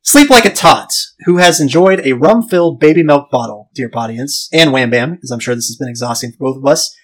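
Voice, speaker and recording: A man's voice: medium pitch, lively intonation, a little fast, rough recording. Theatrical man hosting a podcast. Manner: florid, theatrical, playful wordplay. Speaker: podcast host.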